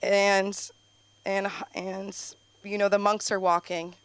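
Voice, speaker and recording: A young woman doing an open mic stand-up set, rambling and chatty with lots of fillers, sometimes jumping into high excited bursts. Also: slow pace. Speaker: stand-up comedian. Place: comedy club stage.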